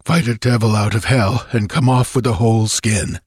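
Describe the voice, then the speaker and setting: A man doing a gruff, wounded barbarian. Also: lowish voice, fairly even intonation, normal speed, dry recording, studio quality. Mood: grim. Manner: panting, gruff and blunt.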